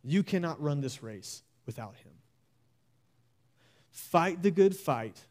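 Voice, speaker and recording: A young man preaching a sermon in an earnest, exhorting way, repeating key phrases slowly for emphasis. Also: fairly high pitch, expressive, a little mellow.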